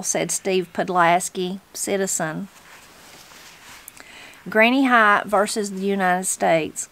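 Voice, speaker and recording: A woman from Southern Appalachia reading a novel aloud in an unhurried way, gently voicing the characters. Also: medium pitch, fairly even intonation. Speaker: reader of a book.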